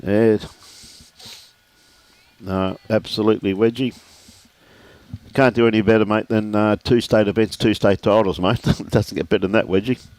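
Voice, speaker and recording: Chatty low-voiced bowls commentator. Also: male voice, fairly even intonation, moderate pace, pauses often, a little mellow, dry recording. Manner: chatty and joking, often says "mate". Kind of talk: live sports commentary, chatting with viewers.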